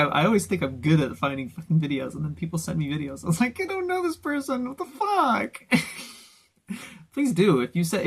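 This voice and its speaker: A young man hosting a casual video roundup, talking in a rambling, animated way with frequent swearing and laughter. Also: a little high, creaky, slightly rough. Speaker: host reviewing anime videos. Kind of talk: casual commentary.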